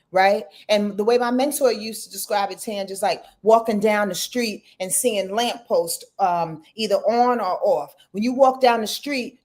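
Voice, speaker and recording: A woman guest on a podcast, explaining her topic in a casual, animated way with plenty of fillers. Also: mid-range voice. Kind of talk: casual interview talk.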